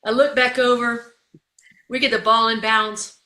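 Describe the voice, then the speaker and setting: Middle-aged woman, speaker and coach, animated storyteller, bright tone, echoey room. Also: fairly high pitch, measured pace. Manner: lively, addresses listeners as folks. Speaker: guest, keynote speaker and coach. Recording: roomy echo.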